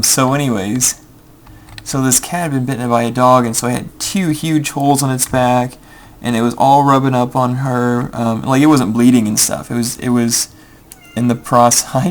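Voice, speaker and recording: Young guy with some gravel in his voice, rambling story full of ums while he plays, keyboard clacking behind. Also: mid-range voice. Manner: rambling with many ums, mutters game steps under his breath. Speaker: gameplay video creator. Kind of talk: casual storytelling over gameplay.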